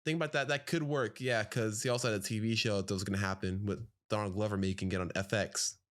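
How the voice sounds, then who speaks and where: A man from Louisiana co-hosting a podcast, chatting in an animated, teasing way with frequent laughs. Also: lowish voice, quick pace. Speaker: podcast co-host. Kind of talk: casual chat.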